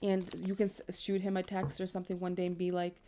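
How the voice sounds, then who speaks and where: A woman's voice: fairly low pitch, completely flat delivery, fast, mellow, a little hiss or hum. A young woman giving a casual astrology and tarot reading, chatty and rambling, full of "like" and "you know".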